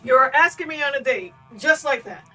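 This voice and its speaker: Woman doing a cold regal villain, slow and imperious, high bright voice, a bit off-mic, faint music. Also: lively intonation, distant mic. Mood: haughty. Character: haughty badass villain, cruel and regal.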